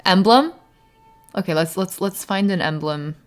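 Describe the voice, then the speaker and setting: A woman's voice: a little slow, faint music behind. A woman live-streaming a game, chatting casually and thinking aloud, breaking into laughs and sometimes slipping into Mandarin. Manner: laughs often, bursts into high excited yelps. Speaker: variety streamer.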